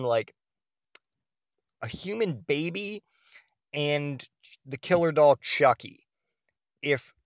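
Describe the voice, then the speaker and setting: A man spinning a comic tale on his podcast, rambling and swearing freely, with plenty of "uh" and "you know". His voice sits at an ordinary middle pitch. The sound is dry and close, with almost no room around it. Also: dry recording. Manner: rambling, profane, lots of fillers. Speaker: podcast host. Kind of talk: casual comedic storytelling.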